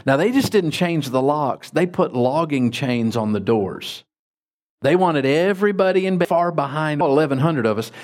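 A man preaching as a pastor, telling folksy stories with lively jumps in his voice. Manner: folksy, animated anecdotes with sudden pitch jumps. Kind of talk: sermon with storytelling.

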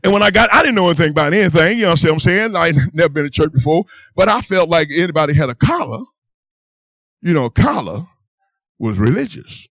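A man telling his personal testimony to a congregation, in animated storytelling that keeps asking whether they understand. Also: on the high side, fast, dry recording, highs cut off. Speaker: church testimony speaker.

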